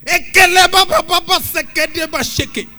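A man playing a fervent worshiper who prays loudly in rapid, babbling syllables. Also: very high-pitched, pitched above the performer's own voice, exaggerated voice. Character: fervent man praying loudly in wild tongues.

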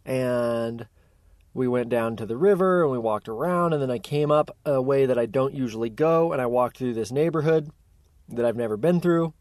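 A personable man speaks in a casual, storytelling way to his viewers, chatty and easygoing. His voice sits at an ordinary middle pitch. The sound is close and dry, with no room echo. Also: moderate pace. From Central Oregon, US. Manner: chatty, personable, lively retelling. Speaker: paraglide pilot vlogger.

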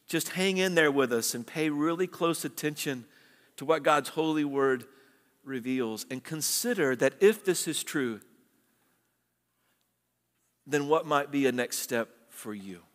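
A man preaches to his congregation in a slightly raised voice, unhurried and earnest, pressing his points with rising emphasis. His words carry a long reverb from a church sanctuary. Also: fairly high pitch, fairly bright tone. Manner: earnest, exhorting, rises with emphasis. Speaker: pastor. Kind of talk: sermon.

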